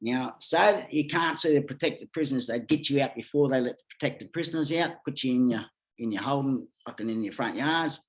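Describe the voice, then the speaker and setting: A middle-aged Australian podcast guest speaks fairly quickly at a medium pitch. Swearing nonstop, he rambles through lively stories in relaxed, casual conversation.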